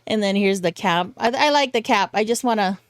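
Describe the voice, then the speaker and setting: A woman's voice: medium pitch, fairly quick, a little hiss or hum. A woman vlogger chatting casually through a fragrance haul, giggly and chatty with goofy asides. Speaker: beauty vlogger.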